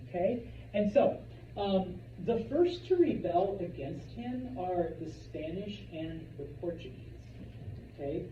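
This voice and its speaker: A man's voice: sits high, big pitch swings, measured pace, slight background noise. A man teaching a history class in a casual lecture style, with frequent "okay?" check-ins. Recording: roomy, distant, dull classroom recording.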